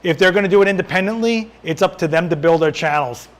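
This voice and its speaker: A man hosting a casual live-stream Q&A as a photographer, answering viewer questions while he adjusts his lights, his voice worn and going hoarse. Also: sits high, quick pace. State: losing his voice.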